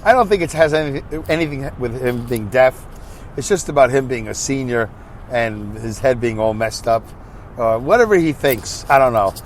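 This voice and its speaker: This is a middle-aged man's casual podcast monologue, delivered while he drives his truck, and he sounds exhausted, drowsy and given to rambling self-deprecation. Even so, his mid-range voice is animated, at a moderate pace, over slight background noise.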